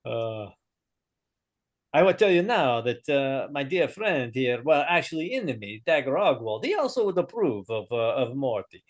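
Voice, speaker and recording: A man's voice: medium pitch, very animated, normal speed. A man playing in an online tabletop game, chatting playfully and laughing often. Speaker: player. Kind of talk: casual chat in an online game.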